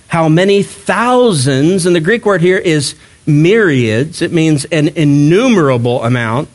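A man preaching a sermon as pastor, in a conversational, animated style that slips into mock voices. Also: a little high.

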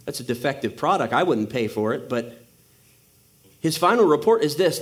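A man's voice: on the high side, big pitch swings, moderate pace, pauses often. A male preacher giving a sermon, telling a story with humor and acting out the characters.

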